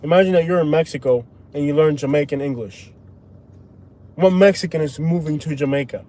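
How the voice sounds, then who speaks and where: A man's voice: on the high side, brisk, mellow. A man hosting a live stream, chatting casually and arguing his point insistently from inside a car. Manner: argumentative, insistent. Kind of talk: casual chat. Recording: road noise in a car.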